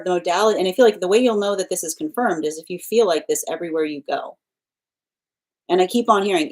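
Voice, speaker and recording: Woman doing a live tarot reading, kinda low voice, rambly, keeps circling back. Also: a little mellow. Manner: rambling, circles back with repeated phrases and restarts. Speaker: tarot reader.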